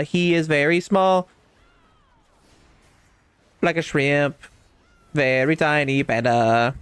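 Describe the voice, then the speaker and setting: A man's voice: a little high, steady tone, takes it slowly, long pauses, fairly bright tone, clear, resonant tone, no room sound. Teasing man streaming a game. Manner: playful, teasing, boastful. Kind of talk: casual gaming chat.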